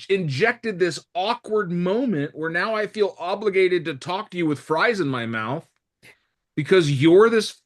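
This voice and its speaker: A man leads a real estate training session in front of a live group. He speaks in a lively, blunt way, acts out the voices of customers and staff, and slips crude jokes in between. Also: sits high. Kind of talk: live training talk to a room.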